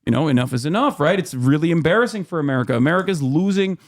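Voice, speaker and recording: A man's voice: on the high side, expressive, rapid-fire. A man in his thirties hosting a livestream, explaining at length in a heated, profane way, full of fillers and restarts. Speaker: streamer host.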